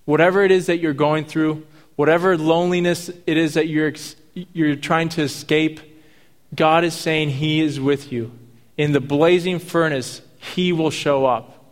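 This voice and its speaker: Guy preaching, slightly high voice, laid-back jokey asides, long hall echo. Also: fairly even intonation, measured pace. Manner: casual, jokey asides between scripture readings. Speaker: pastor. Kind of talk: sermon.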